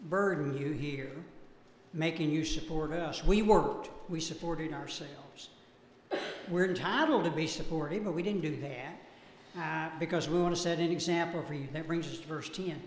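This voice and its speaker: Man teaching a church Bible class, slightly higher voice, unhurried, echoey hall, faint room noise. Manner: slow, deliberate, cites verses. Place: church auditorium.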